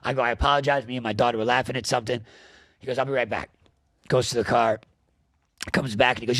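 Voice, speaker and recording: Fast-talking, foul-mouthed man telling stories. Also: mid-range voice, no room sound, clean studio sound. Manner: animated, swearing, laughing often. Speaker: podcast co-host. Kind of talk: casual comedic storytelling.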